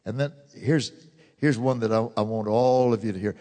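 A fervent man preaching a sermon in a church, swinging from loud declarations to hushed murmurs. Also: fairly low pitch, normal speed. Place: church sanctuary. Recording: long church reverb.

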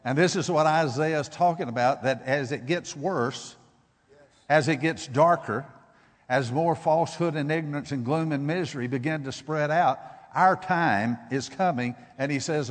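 A man preaching a sermon, moving from measured teaching to loud, emphatic exhortation. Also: on the high side, in a large hall. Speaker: guest preacher.

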